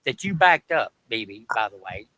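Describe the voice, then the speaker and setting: A man's voice: medium pitch, big pitch swings, moderate pace, bright, forceful tone, poor audio. Combative, sarcastic man on voice chat. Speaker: participant in a voice chat argument. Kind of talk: heated voice chat argument.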